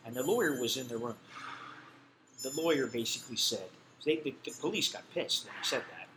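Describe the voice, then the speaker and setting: A man's voice: mid-range voice, brisk, noisy background. A middle-aged man telling a personal story in a casual, blunt and profane way, full of fillers. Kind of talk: casual spoken anecdote.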